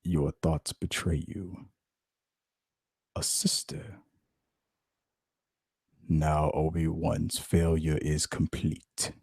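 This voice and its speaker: A man doing an impression of a menacing male dark lord from a film, in a slow, low, hushed voice. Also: level tone, gravelly, husky, no room sound, heavily acted.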